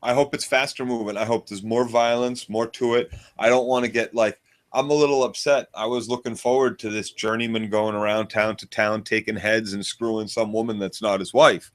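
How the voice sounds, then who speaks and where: A man's voice: fairly low pitch, steady tone, a little fast. A man co-hosting a casual TV review chat, joking and rambling. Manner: joking, rambling, laughs easily. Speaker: podcast co-host.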